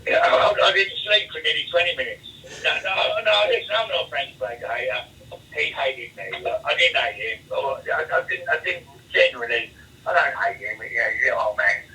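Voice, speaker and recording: A man's voice: a little high, animated, moderate pace, pushed and bright, distant mic, low-quality recording. A man telling blunt, profane prison and street anecdotes as an interview guest, in a rambling, casual way. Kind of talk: casual storytelling chat.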